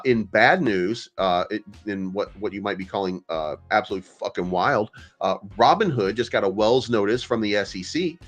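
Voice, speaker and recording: A man with a fairly low voice hosts a crypto commentary show. He riffs loosely, swears freely, and trips over repeated words. Faint music plays under his talk. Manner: profane, stammering, riffing. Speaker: crypto channel host. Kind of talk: casual ranting commentary.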